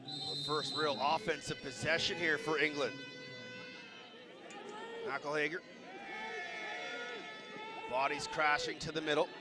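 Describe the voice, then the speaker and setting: A man calling a lacrosse game live, rattling off names quickly and shouting on goals and saves. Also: fairly high pitch, background noise. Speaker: play-by-play commentator. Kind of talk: live sports commentary. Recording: loud stadium crowd behind.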